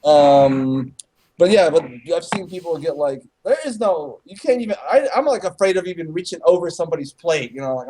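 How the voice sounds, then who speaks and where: This is a man from the States with a notably high voice, chatting on a podcast. His talk is loose and rambling, full of fillers and casual swearing. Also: lively intonation, fairly quick, warm tone. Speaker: podcast guest. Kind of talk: casual chat.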